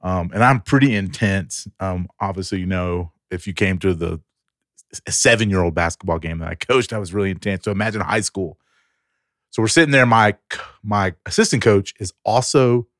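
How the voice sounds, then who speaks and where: A low-pitched man chatting on a podcast, spinning animated stories and slipping into the voices of the people he quotes. The sound is close and dry, with no room around it. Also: moderate pace, no room sound. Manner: animated storyteller who acts out quoted people. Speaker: podcast co-host. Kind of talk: casual chat.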